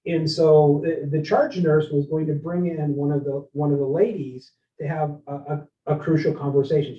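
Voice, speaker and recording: A middle-aged man giving a lively live leadership workshop talk, telling stories and checking in with the audience. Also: on the high side. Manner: energetic, storytelling, keeps asking the audience "right?". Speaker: keynote speaker. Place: event room with live and online audience. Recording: roomy, distant, dull lo-fi sound.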